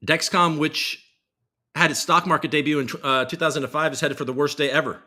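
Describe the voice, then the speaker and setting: A man with a voice on the high side, fairly even intonation, and a sharp tone hosts a casual crypto live stream at a brisk clip. He reads headlines aloud and reacts with profane, rambling commentary.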